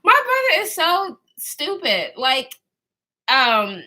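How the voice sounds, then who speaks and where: A young woman chatting to her viewers, her voice sitting high and leaping all over the place as she tells the story. Her tone is bright and sharp. She laughs often, swears freely and slips into the voices of the people she quotes. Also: wildly swooping pitch, takes it slowly. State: out of breath at times. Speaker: vlogger. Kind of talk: storytime vlog.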